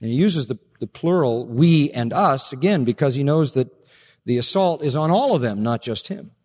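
A male pastor preaching a sermon emphatically, with rhetorical questions and low, pointed stresses. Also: animated, a little fast, mellow. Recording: preached in a hall with long reverb.

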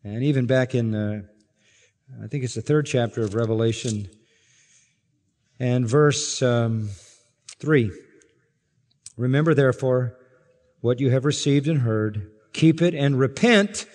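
A man's voice: medium pitch, measured pace, long pauses, darkish tone, big-room sound. A male pastor preaching an expository sermon, reading scripture aloud and building to emphatic peaks on key lines.

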